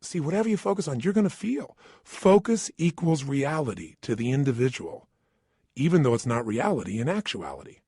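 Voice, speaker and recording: A middle-aged man giving an energetic motivational talk into a studio microphone, emphatic and questioning the listener directly. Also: mid-range voice, a little fast, husky, dry recording. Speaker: motivational speaker.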